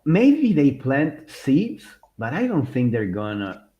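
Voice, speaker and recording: A man's voice: medium pitch, wildly swooping pitch, slow, muffled recording. A man co-hosting a casual podcast, with joking, sarcastic asides. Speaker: podcast co-host. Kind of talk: casual chat.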